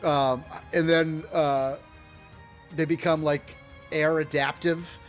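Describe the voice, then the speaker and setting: Male game master, rambling and full of fillers, a bit high-pitched, light music underneath. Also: steady tone, slow pace. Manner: rambling, laughing storyteller with many fillers. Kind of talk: casual chat and game narration.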